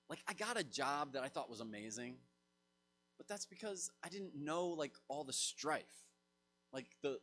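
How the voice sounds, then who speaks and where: A man in his thirties preaching a sermon in a casual, animated way, acting out quoted voices. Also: medium pitch. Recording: long hall reverb.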